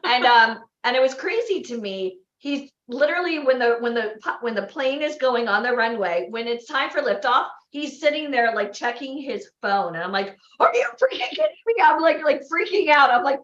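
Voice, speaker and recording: A woman gives a lively motivational talk to a crowd, her voice a little high and full of exclamations. Her voice rings with a roomy echo, and the sound is slightly dull, as from a livestream. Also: normal speed, few pauses, a little hiss or hum. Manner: animated, exclaiming, asks the crowd questions. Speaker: event host. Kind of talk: motivational talk to a live audience. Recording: echoey, dull livestream audio.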